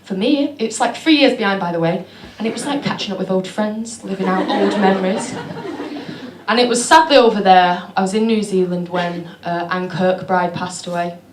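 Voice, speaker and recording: A woman's voice: medium pitch, moderate pace, noisy background. A young woman with a Manchester accent telling stories on stage in a chatty, self-deprecating stand-up set full of fillers. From Manchester, England. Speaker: stand-up comedian. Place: comedy club stage. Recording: echoey venue with audience laughter. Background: crowd laughing.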